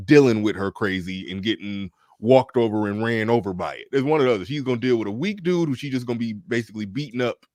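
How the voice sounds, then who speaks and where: A man's voice: fairly low pitch, quick pace, few pauses, a little mellow, no room sound. A man talking in a laid-back, slangy way during a casual reaction chat.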